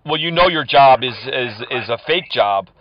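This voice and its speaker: In muffled, lo-fi audio, a man prank-calls scammers, taunting and insulting them and laughing at his targets in a mocking tone. His voice is medium-pitched and animated, at a normal speed.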